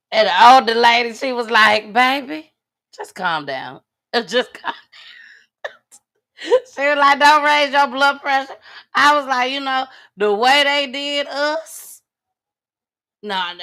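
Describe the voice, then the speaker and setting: Woman host, blunt, bright tone, slow deliberate delivery. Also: a little high. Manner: outspoken, blunt and exasperated. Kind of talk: casual commentary on a live show.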